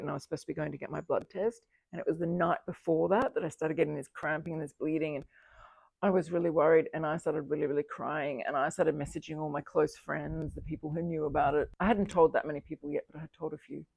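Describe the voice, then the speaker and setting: A woman's voice: low voice, gravelly, darkish tone, slightly rough, dry recording, muffled recording. A fifty-year-old woman telling her personal story to the camera, candid and reflective, often breaking into laughter. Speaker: single mother sharing her fertility journey.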